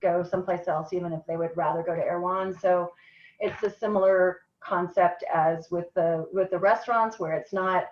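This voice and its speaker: A woman's voice: lowish voice, steady tone, moderate pace. A woman on a video call in a meeting, talking in a thoughtful way with lots of fillers. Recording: dull, roomy video call audio.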